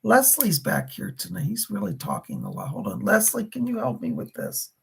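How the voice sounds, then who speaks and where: A man's voice: sits high, sing-song, normal speed, gravelly, husky. A man hosting a live stream of psychic readings, relaying spirit messages and thanking viewers for donations. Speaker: psychic medium on a livestream.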